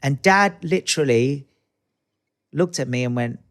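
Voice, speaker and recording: A man's voice: medium pitch, measured pace. A man in his fifties with an Australian accent, chatting as a guest in an interview and acting out voices in his stories. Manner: animated, acts out quoted voices in anecdotes. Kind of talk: casual interview chat.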